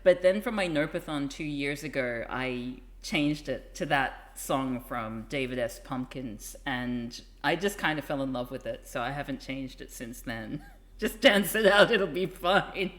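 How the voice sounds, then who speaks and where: A woman's voice: a bass voice, unhurried, hardly any pauses. A woman streamer chatting casually and rambling with asides. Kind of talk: casual live-stream chat.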